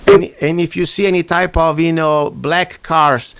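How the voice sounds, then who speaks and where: A man's voice: a little high, steady tone, measured pace, creaky, fairly bright tone, clean tone, no echo. A man with an Italian accent hosting a radio talk show, ranting emphatically in broken English. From Italy.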